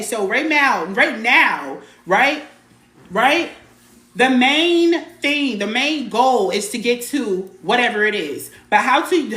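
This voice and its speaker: A woman's voice: on the high side, sharp tone, reverberant. A woman hosting a live spiritual stream, talking casually and bluntly, repeating her points, swearing mildly and greeting viewers by name. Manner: blunt, emphatic, repeats phrases, mild swearing.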